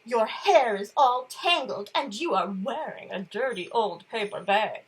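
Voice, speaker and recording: A woman's voice: on the high side, expressive, unhurried, rough recording. A woman putting on a snooty, fussy young prince. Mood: disdainful.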